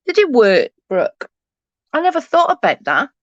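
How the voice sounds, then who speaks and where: A woman's voice: high-pitched, huge pitch swings, moderate pace, no room sound, muffled recording. A woman hosting a live stream, chatting casually with viewers; she is tired, stutters a little and keeps restarting her sentences. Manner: mild stutter.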